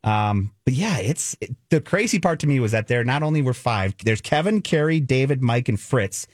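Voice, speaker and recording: A man's voice: medium pitch, lively intonation, dry recording. Chatty male radio co-host, dry studio sound. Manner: chatty, retells movie plots with quick asides. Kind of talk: casual chat.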